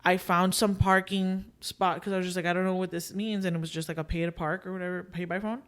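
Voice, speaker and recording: A young woman with a lowish voice and a quick pace hosts a podcast, telling a story in casual chat. She acts out what people said in a lively retelling and slips in Spanish filler phrases.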